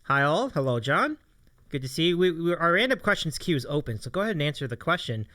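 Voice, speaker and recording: A man with a bright, forceful voice that swings widely in pitch, co-hosting a casual streamed chat show. He is upbeat and enthusiastic, often repeating his words, and talks into a desk mic. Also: very animated, fast. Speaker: podcast co-host.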